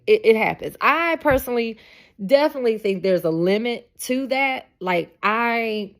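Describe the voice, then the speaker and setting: A podcast host in her forties tells stories in a casual monologue, emphatic and laughing often. Her voice is medium-pitched with vocal fry.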